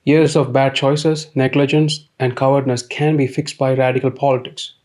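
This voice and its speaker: A man delivering a dry, deadpan comedic monologue as narrator. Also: mid-range voice, moderate pace.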